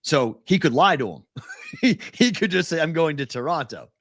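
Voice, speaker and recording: A man co-hosting a sports betting podcast in casual talk, animated and laughing often, sometimes mimicking whiny voices. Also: fairly high pitch, moderate pace, dry recording, clean studio sound.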